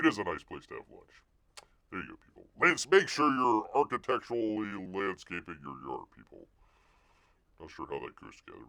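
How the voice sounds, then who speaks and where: Lively-voiced joking stream host, man. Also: deep voice, vocal fry, no room sound. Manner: jokey, rambling, calls himself Bear in third person. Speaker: live-stream show host. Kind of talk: casual live-stream commentary.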